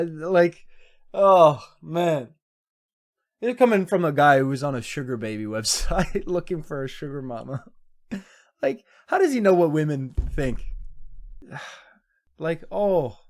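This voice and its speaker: A young man commenting on videos in a sarcastic, incredulous tone, breaking into frequent laughter. His voice sits a bit high for a man. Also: very animated, unhurried. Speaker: YouTube commentator. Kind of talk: reaction commentary.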